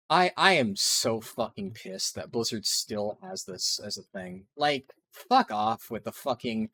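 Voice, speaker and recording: A man's voice: lowish voice, big pitch swings, measured pace, bright, forceful tone. A man giving ranting, profanity-heavy commentary over his speedrun gameplay. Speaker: speedrunner and video creator.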